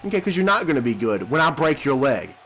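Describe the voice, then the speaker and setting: Brash trash-talking gamer guy, gravelly. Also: fairly high pitch, sing-song, quick pace, a bit bright, slight background noise. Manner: brash, profane taunting with mock-tender asides. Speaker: gaming YouTuber. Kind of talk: let's play commentary with trash talk.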